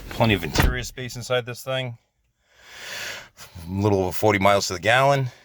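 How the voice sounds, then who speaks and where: Low-voiced New man fixing brakes. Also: brisk, background noise. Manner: joking, offhand, hands-on while working. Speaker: car repair vlogger. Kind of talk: casual how-to vlog.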